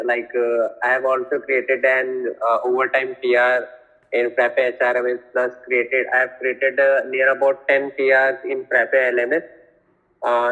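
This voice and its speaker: A man's voice: mid-range voice, sharp tone, muffled recording. A man, talking casually on a video call as an interview guest, hesitant and full of fillers. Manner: hesitant, many fillers and restarts. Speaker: interview guest, software developer.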